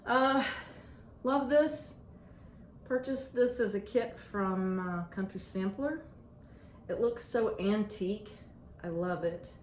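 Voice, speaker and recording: A woman chatting casually about her stitching projects, halting and restarting often with ums. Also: mid-range voice. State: out of breath. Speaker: stitching vlogger. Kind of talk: casual show-and-tell chat. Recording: echoey room, faint ambient noise.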